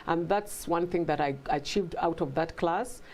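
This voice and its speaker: A woman's voice: lowish voice, moderate pace, a little mellow. A middle-aged woman with a mixed African and British accent, a guest telling her story in a conversational interview and acting out quoted voices.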